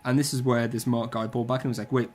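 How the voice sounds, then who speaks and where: A man's voice: mid-range voice, flat delivery, very fast, a little mellow, slight background noise. Man, podcast co-host, casual chat, blunt, opinionated. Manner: blunt, opinionated, swears freely.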